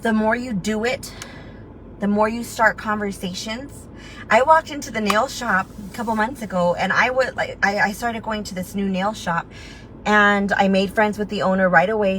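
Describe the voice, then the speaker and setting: A woman's voice: medium pitch, normal speed, rough recording. Give me a chatty woman with a slight lisp giving a motivational recruiting talk, with a faint hiss in the background. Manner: chatty and animated, acts out her own inner voice, laughs at herself. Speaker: network marketing team leader.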